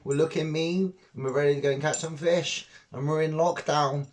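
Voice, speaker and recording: A man's voice: a little high, steady tone, normal speed, few pauses. A man chatting casually to camera about his fishing gear in his fishing room at home, rambling and blunt. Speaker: fishing vlogger.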